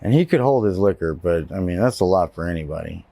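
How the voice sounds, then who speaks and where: Interviewee: low-pitched Texan man, candid first-person account, dry close sound. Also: expressive, quick pace, vocal fry, warm tone, no echo. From Texas. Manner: candid, plain-spoken storytelling. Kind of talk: personal testimony.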